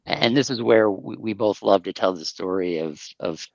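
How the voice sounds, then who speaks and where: A man co-author speaking as a guest on a podcast, measured and a little hesitant. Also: on the low side, a little mellow, no room sound, lo-fi sound. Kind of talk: podcast interview talk.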